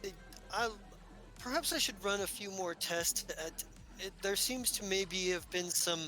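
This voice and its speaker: A man voicing a nervous, evasive male scientist in a tabletop game, halting, stammering and overly polite. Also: sits high, bright, forceful tone, faint music behind, voice pushed up, rough recording.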